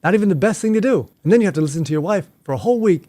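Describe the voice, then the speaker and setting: A man's voice: sits high, lively intonation, very fast, dark tone, no room sound. A middle-aged man, a martial arts instructor, explaining things in a casual, playful way with joking asides.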